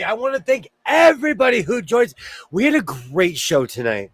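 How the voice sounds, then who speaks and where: A man's voice: sits high, big pitch swings, moderate pace, a bit bright, slightly rough, dry recording. An older man hosting a casual livestream chat, talking chattily and laughing easily. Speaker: host.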